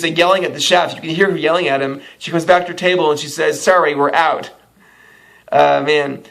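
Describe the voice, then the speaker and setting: Man, vlogger storyteller, slightly high voice, chatty, laughs at his own anecdotes. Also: creaky, fairly bright tone. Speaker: actor and model vlogger. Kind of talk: casual storytelling vlog.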